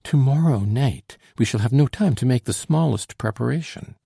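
A man's voice: mid-range voice, lively intonation, moderate pace, gravelly, mellow, husky, dry recording, studio quality, voice pushed up. A man reading an audiobook, voicing an anxious young noblewoman with urgent, pleading questions. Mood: urgent, eager.

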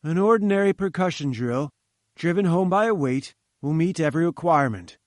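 A man's voice: fairly high pitch, lively intonation, a little fast, dry recording, studio quality, pitched above the performer's own voice, natural voice. Irascible older male scientist, imperious and curt, voiced by a man reading.

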